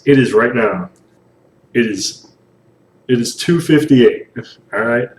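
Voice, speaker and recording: A man's voice: mid-range voice, takes it slowly, a little hiss or hum. A man chatting casually in a vlog about a TV show, loose, profane and rambling. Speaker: vlogger reacting to a TV show. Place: at home, late at night. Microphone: webcam microphone. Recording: echoey webcam mic from far off.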